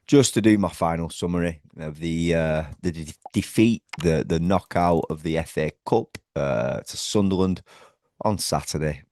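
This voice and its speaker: Speaking from indoors at home, this football fan channel host from northwest England has an extremely low-pitched, somewhat mellow voice. His passionate, rambling talk is packed with fillers and restarts, recorded dry at studio quality.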